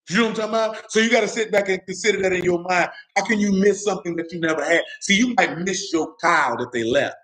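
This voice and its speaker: Young male preacher with a slightly raised pitch, street-casual delivery, riffing stories into scripture. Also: quick pace, sharp tone, rough recording. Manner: street-casual, asks "you know what I'm talking about?". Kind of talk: casual sermon with storytelling.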